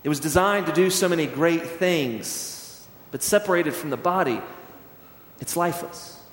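A man's voice: fairly high pitch, animated, moderate pace. A middle-aged man preaching a sermon as pastor, telling stories in a conversational way and acting out scenes. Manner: conversational storytelling, acts out scenes. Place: church sanctuary. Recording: echoey church hall.

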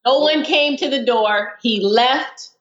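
A woman with a fairly high voice tells a story as a guest in a casual interview. She acts out the dialogue with animation. The room sounds echoey and the audio is slightly dull. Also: takes it slowly, fairly bright tone. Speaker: guest, real estate investor.

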